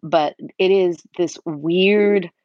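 A woman's voice: lowish voice, very slow, dry recording. A woman co-hosting a podcast over a computer call, bubbly and chatty, swearing now and then. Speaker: podcast co-host. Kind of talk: casual chat over a call. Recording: dull lo-fi call audio.

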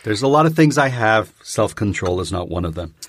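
A man's voice: on the low side, very animated, fairly quick. A man co-hosting a casual podcast chat, passionate and fussy about coffee. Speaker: podcast co-host. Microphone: close podcast mic.

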